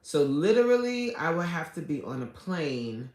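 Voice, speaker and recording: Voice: medium pitch, very animated, normal speed, a little mellow. An adult livestreamer chatting casually with viewers, greeting them by name and pleading for subscribers. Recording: echoey room.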